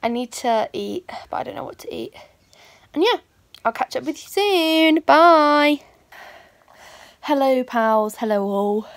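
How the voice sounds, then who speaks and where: Young woman, casual vlogger, self-deprecating chatter into a phone, slightly high voice. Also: lively intonation, a little slow, gravelly, pauses often. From United Kingdom. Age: young adult. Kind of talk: casual vlog chat.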